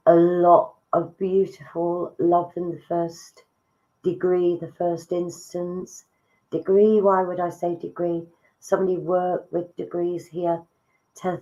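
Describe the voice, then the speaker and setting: Soft-spoken woman medium, low voice. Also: vocal fry, lo-fi sound. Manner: soft, emotive, addresses listeners as darling. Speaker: psychic medium. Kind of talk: live psychic reading.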